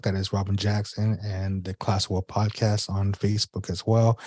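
Husky-voiced podcast guest. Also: male voice, lowish voice, dry recording, clean studio sound. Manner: relaxed, short reactions, spells out his handle. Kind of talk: casual chat.

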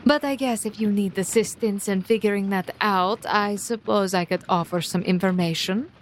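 A woman's voice: mid-range voice, normal speed, slight background noise, close to an everyday voice. A woman playing a haughty, cruel aristocrat in a tabletop game, speaking with disdainful drawl.

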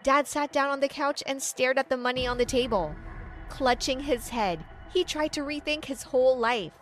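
A woman with a high, light voice tells a first-person story with dramatic storytelling flair. Soft music plays faintly under her narration, keeping a steady podcast feel. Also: normal speed.

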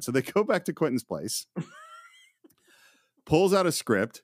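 A man co-hosting a film podcast, telling behind-the-scenes stories in a casual, animated way and acting out quotes. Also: fairly high pitch, unhurried, breathy edge, no echo. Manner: animated storyteller, acts out quotes. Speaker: podcast co-host.

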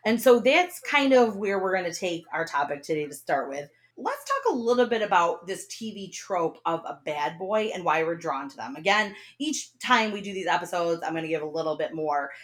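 Animated, laughing woman podcast host. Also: lowish voice, moderate pace, few pauses. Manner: animated, laughs often, chatty. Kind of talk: casual chat.

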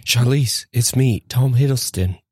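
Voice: medium pitch, unhurried, darkish tone, breathy edge, dry recording, clean studio sound. A man improvising a bumbling male film star who stammers through a weak British accent. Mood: cheery. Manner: stammering, hesitant. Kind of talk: improv comedy scene.

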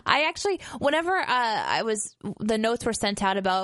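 A woman chatting on a podcast, enthusiastic and quick to laugh. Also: fairly high pitch, very animated, fairly bright tone, no room sound, clean studio sound. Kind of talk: casual podcast discussion.

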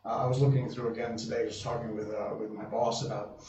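A man's voice: lowish voice, flat delivery, fast talker. Rambling man on a roomy live stream. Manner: rambling, restarts often, reads chat aloud. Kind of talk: casual live-stream chat. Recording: roomy, distant, dull lo-fi sound with faint noise.

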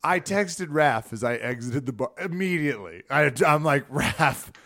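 A man's voice: on the high side, normal speed. A man co-hosting a casual podcast chat, telling stories animatedly with frequent laughs and acted-out quotes. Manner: animated storyteller, laughs often, acts out quotes. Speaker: podcast co-host.

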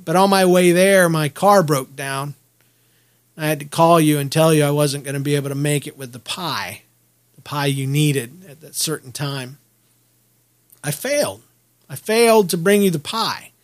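Middle-aged male podcast host from Kansas City, slightly higher voice, candid and self-deprecating, restarts his sentences often. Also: moderate pace. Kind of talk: personal podcast monologue.

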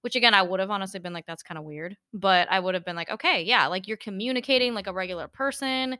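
A woman's voice: medium pitch, fast, sharp tone, dry recording, studio quality. A young woman co-hosting a podcast, telling a story in casual chat with lots of fillers. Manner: chatty storyteller, many fillers. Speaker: podcast co-host.

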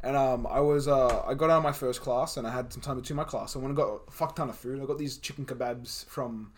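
A man's voice: medium pitch, fairly even intonation, fast. A young man, co-hosting a casual podcast chat, rambling through stories, laughing often and swearing freely. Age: young adult. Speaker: podcast co-host.

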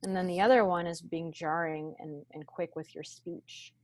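A woman with a slightly low voice speaks in an unhurried, grounded way as a podcast guest. She teaches in a calm, deliberate manner and lingers on her words. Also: no room sound. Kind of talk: conversational teaching.

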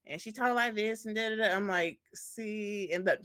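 Woman podcast co-host, casual and animated, laughs a lot, mimics others. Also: mid-range voice, fast, background noise. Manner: animated, laughs often, acts out quoted voices. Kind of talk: casual chat.

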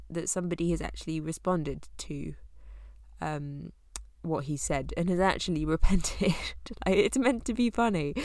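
A young woman leads a Bible study in an easy, chatty manner, laughing now and then as she explains. Her voice sits a little low for a woman. The recording is dry and close. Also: creaky, dry recording. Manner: conversational, laughs often. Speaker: Bible teacher.

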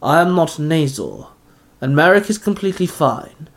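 A man voicing a scheming male Duke Orc monster who speaks in a slow, drawn-out, lordly way. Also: fairly high pitch, lively intonation. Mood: lofty.

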